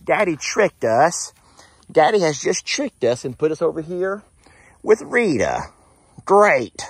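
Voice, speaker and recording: A man voicing a glum male donkey who grumbles slowly about being tricked. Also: on the high side, big pitch swings, breathy edge, no room sound, clean studio sound, pitched above the performer's own voice, heavily acted. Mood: grumbling. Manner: grumbling, slow, put-upon.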